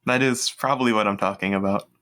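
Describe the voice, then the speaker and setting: A man's voice: fairly low pitch, steady tone, fast talker, fairly bright tone. A man playing a tabletop game in character, speaking politely and earnestly with stammering restarts. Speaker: player. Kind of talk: in-character tabletop role-play.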